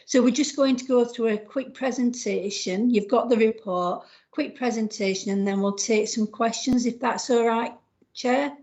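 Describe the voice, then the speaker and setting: A woman's voice: a little high, moderate pace, a little mellow. Female council officer at a board meeting, casual and a bit rambling; dull lo-fi audio. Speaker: council officer presenting a policy. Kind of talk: meeting presentation. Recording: slightly muffled livestream audio.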